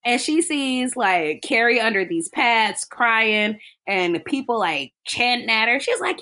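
Lively, bright-voiced young woman. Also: on the high side, unhurried, few pauses. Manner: animated, laughing often, acts out quotes loudly. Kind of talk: casual chat recapping a film.

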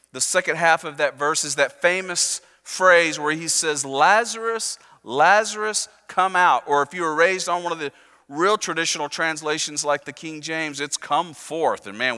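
A high, bright male voice preaching a sermon in a church hall with a long reverb tail. He talks to the congregation in a relaxed, joking way, then slows and softens to press a point home. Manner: conversational preaching with jokes, slowing and softening for emphasis. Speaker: pastor. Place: church sanctuary.

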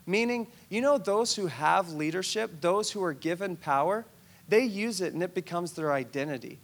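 Man, pastor, conversational sermon, storytelling, gravelly voice. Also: sits high, animated, moderate pace.

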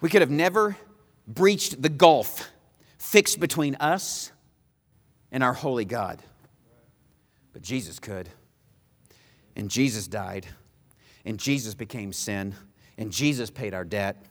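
A man preaching a sermon, emphatic and repetitive, swinging between loud pleas and hushed lines. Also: mid-range voice, slow pace, pauses often, big-room sound.

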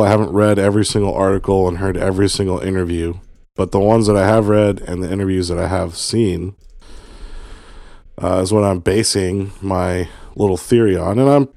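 A man co-hosting a podcast, talking in a relaxed, easygoing way and hedging his points. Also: sits low, creaky, dry recording, clean studio sound. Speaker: podcast co-host. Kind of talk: casual chat.

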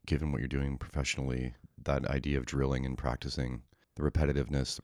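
A man's voice: extremely low pitch, flat delivery, fast, darkish tone, no echo, clean studio sound. A man hosting an interview, asking brief questions and follow-ups. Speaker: podcast host, interviewer.

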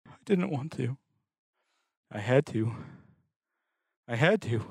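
A man voicing a despairing character who rails at fate with shouts and bitter laughter, in a tabletop role-play. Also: mid-range voice, lively intonation, slow pace, creaky, breathy edge, no room sound, studio quality, heavily acted. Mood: pleading.

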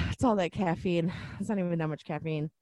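A woman's voice: lowish voice, lively intonation, normal speed, darkish tone, no room sound. A woman co-hosting a podcast in casual chat, laughing often and restarting her sentences as she tells a story. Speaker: podcast co-host.

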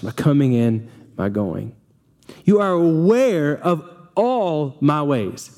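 Earnest young man preaching, mellow voice. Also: a little high. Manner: earnest preaching with reading aloud and restarts. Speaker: pastor. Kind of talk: sermon.

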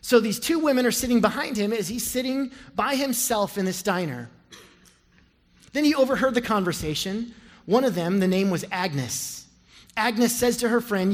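A man preaching a sermon as pastor, telling a story and leading prayer, building from quiet storytelling to loud impassioned appeals. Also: high voice, expressive, moderate pace, in a large hall. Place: large church sanctuary.

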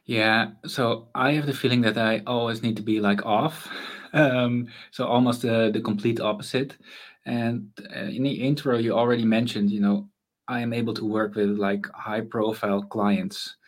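Relaxed man musing with many fillers. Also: mid-range voice, moderate pace. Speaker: guest, consultant on mental space. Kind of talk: casual interview conversation.

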